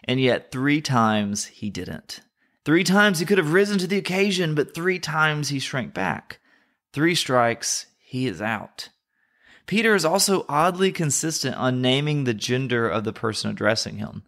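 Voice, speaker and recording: A man's voice: mid-range voice, expressive, unhurried, fairly bright tone. Southern man in a mid-range voice, earnest podcast Bible teacher, reflective delivery. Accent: Southern American. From North Carolina, USA.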